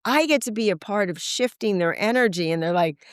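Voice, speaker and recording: A woman in her sixties, guesting on a podcast, casually tells stories and acts out the dialogue in different voices, often using the filler "like." Her fairly low, smooth voice moves fairly quickly. The studio-quality audio has no echo.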